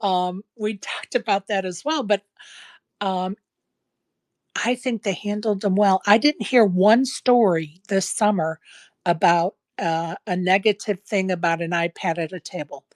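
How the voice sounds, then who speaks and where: A woman's voice: mid-range voice, measured pace, no echo. A woman hosting a casual podcast chat, talking emphatically and repeating her points for stress, with a case of the hiccups. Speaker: podcast host.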